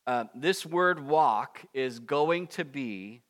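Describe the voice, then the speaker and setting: A man preaching a conversational expository sermon, with animated asides and acted-out prayers. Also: mid-range voice, slow. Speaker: pastor.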